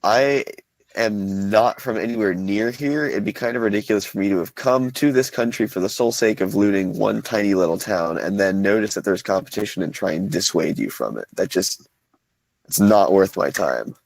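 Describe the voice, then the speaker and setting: A man's voice: lowish voice, normal speed, vocal fry, darkish tone, low-quality recording. A man playing a tabletop game in character, hesitant and rambling with many restarts. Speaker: player.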